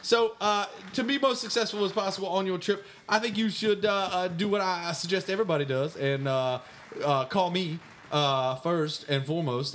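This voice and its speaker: There's slight background noise as a man with a fairly bright tone answers listener mail on the comedy podcast he co-hosts. Staying in character, he puts on a mock-pompous voice, swinging between squeaky highs and muttered lows.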